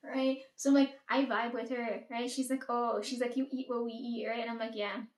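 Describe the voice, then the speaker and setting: A woman's voice: a little high, level tone, a little fast. Chatty woman, roomy echo. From Caribbean. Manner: chatty, profane, fillers "like" and "right?". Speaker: storyteller. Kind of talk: casual storytime chat.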